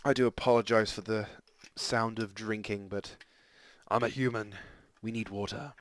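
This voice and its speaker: A man giving rambling, self-deprecating live commentary over a tank game, with sudden excited outbursts. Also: fairly low pitch, moderate pace. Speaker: gameplay commentator. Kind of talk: casual live gameplay commentary.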